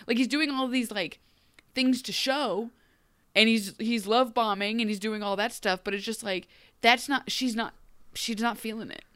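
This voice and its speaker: A woman's voice: a little high, moderate pace, dry recording. A woman co-hosting a podcast, chatting casually about a TV episode and acting out the characters' lines as she tells it. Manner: animated, acts out characters' lines mid-story. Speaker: podcast co-host. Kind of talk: casual chat recapping a TV episode.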